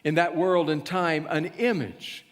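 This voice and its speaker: Fairly high-voiced male pastor preaching. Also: steady tone. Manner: storytelling, addresses listeners as you, slows for emphasis. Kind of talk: sermon. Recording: long church reverb.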